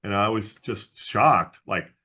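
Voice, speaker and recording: A man with a low, forceful voice tells a story as a guest in an interview, jumping into the voices of the people he quotes. He laughs often and restarts his sentences as he goes. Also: takes it slowly. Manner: animated storyteller who acts out the people he quotes. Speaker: guest, insurance agency owner.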